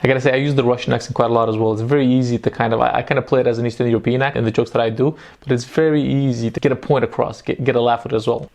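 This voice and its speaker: A man's voice: medium pitch, fairly even intonation, very fast, few pauses, a little mellow. A man commenting casually on a comedy clip, with wry asides and breakdowns of how the jokes work.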